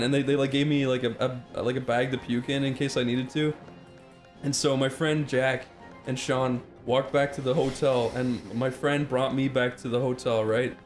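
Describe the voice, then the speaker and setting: A man's voice: mid-range voice, moderate pace, faint music behind. A young Irish man on a casual podcast, telling a long story with lots of laughter. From Ireland. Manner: animated, breaks into laughter while telling a story. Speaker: co-host.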